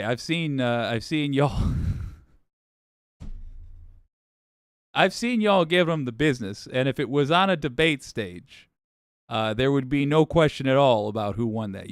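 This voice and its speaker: A young man hosting a political livestream show in a wry, chatty way, with asides and his voice going hoarse. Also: mid-range voice, no echo, clean studio sound. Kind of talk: casual livestream talk.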